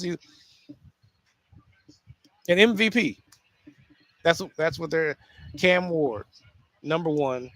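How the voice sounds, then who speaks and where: Male sports talk host, slightly high voice, animated solo commentary with restarts, dry close recording. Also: slow, pauses often, no room sound. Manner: animated, repeats himself, frequent restarts and fillers.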